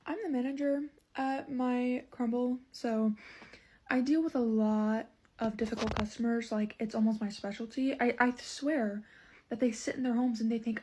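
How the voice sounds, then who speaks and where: A woman with a somewhat high but mellow, husky voice tells a storytime about difficult customers. Her delivery is wry and dramatic. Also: fairly even intonation, a little slow. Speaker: dessert shop manager. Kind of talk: casual storytime.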